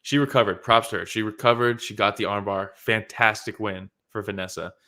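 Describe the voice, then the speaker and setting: Co-host, male, low-ish and bright-toned, blunt, swears a lot. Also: fairly even intonation, brisk. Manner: blunt, salty, swears freely. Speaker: podcast co-host. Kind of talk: casual chat.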